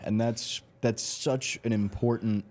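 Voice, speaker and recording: A man hosting a podcast interview, chatting in a relaxed way and often saying "man". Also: mid-range voice, measured pace, a little hiss or hum. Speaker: podcast host. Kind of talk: casual interview chat.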